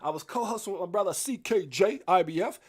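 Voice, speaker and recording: A man hosting a casual crypto live stream, rambling and chatty, laughing often and breaking into sudden loud excited bursts. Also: high voice, fast, husky. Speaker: crypto livestream host. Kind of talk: casual live-stream chat and market rundown.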